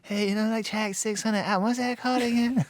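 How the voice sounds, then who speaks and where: A man doing a low, drawling, mumbled impression of a famous male music producer. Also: fairly even intonation, brisk, dry recording, lightly acted. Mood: offhand.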